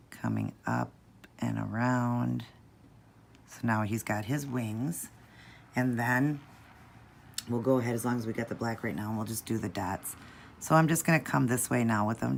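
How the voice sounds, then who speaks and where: A woman calmly talking viewers through a nail art tutorial step by step, in a patient, instructive way. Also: gravelly, a little hiss or hum. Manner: patient, instructive, low-key.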